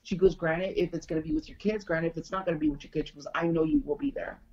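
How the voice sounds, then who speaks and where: Middle-aged woman, low-pitched chatty storyteller, lo-fi call audio. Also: quick pace, a little mellow, husky. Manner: chatty, retells a friend's words with many "she goes". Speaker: guest. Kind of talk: casual storytelling on a video call.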